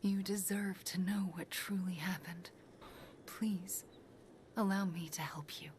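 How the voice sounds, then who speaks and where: An actress playing a remorseful sorceress, speaking softly, breathily and earnestly. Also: female voice, fairly low pitch, steady tone, takes it slowly, a little hiss or hum.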